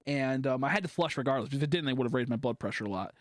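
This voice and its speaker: A man streaming a game, telling a long story in a rambling, profane way full of fillers, swinging between hushed and loud. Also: mid-range voice, rapid-fire, dry recording, clean studio sound. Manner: animated, jumping from hushed to loud. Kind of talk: casual storytelling while gaming.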